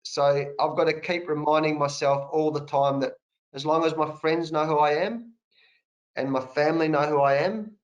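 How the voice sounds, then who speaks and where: An Australian man with a fairly high voice speaks earnestly over a video call. He is middle-aged and tells his story candidly, leaning hard on repeated phrases. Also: steady tone, moderate pace, dull audio. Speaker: interview guest, cricket coach. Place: home study, indoors.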